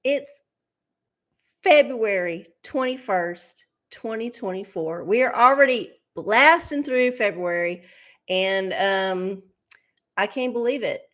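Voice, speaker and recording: A woman's voice: medium pitch, lively intonation, takes it slowly, fairly bright tone. A woman hosting a live tarot stream, chatting casually with her viewers, swearing freely and laughing often, from her home setup under studio lights. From Texas.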